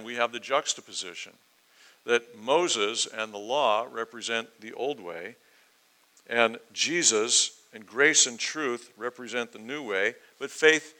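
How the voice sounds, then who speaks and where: Bright-voiced man preaching a sermon. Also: mid-range voice, takes it slowly, poor audio. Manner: earnest, emphatic, with rising intensity and quoted questions. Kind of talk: verse-by-verse sermon.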